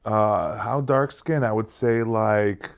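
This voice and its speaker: A man's voice: on the low side, gravelly. A man co-hosting a podcast, telling a work story in casual chat with jokes and acted-out dialogue. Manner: quick, joking anecdotes with acted-out dialogue. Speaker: podcast co-host.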